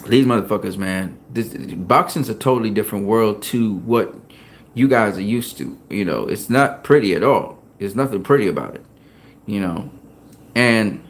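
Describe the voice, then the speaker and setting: A man hosting a boxing talk show, telling gym stories in a casual, profane, animated way and laughing often. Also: on the low side. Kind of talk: casual chat.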